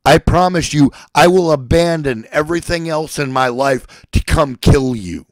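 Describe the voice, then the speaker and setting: A man rants in anger, swearing and threatening, his voice pitched a little high. He swings between shouting and a low, seething growl. The sound is close and dry, with no room echo. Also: normal speed. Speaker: ranting speaker. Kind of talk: angry profane rant.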